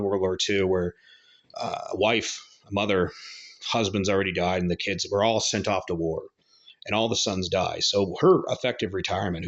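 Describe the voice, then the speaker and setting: A man's voice: fairly low pitch, muffled recording. A man giving a blunt, rambling opinion monologue with coarse language. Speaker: commentary channel host.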